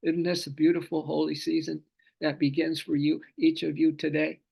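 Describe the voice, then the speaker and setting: A gravelly-voiced man leads a scripture class, pitched a little high. He speaks fervently, circling back on his phrases and drawing out long chanted vowels. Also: monotone, normal speed, darkish tone. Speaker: spiritual teacher.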